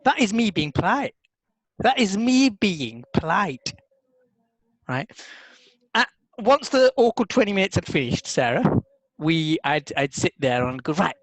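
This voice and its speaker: A man, a podcast co-host, telling a story in casual chat with lively repeats and restarts. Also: high-pitched, measured pace, dry recording, rough recording. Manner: animated storyteller, repeats words when excited. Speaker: podcast co-host, NLP practitioner.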